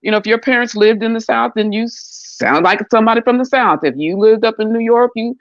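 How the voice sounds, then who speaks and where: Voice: medium pitch, fairly quick, no echo, dull audio. Easygoing American in a group chat. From United States. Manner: easygoing, talks in loose examples. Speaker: discussion participant. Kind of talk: casual group talk.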